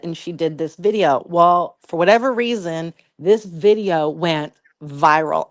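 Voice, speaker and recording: A woman's voice: on the low side, no echo. Chatty woman retelling gossip, dry sound. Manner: chatty, profane, heavy use of "like". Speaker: podcast co-host. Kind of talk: casual commentary storytelling.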